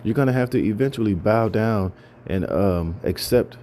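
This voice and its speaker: Brief: lowish, dark-toned male commentator, emphatic, repetitive, faint hiss behind. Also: moderate pace. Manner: emphatic, repetitive, many fillers and stammered restarts. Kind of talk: casual talk reading news.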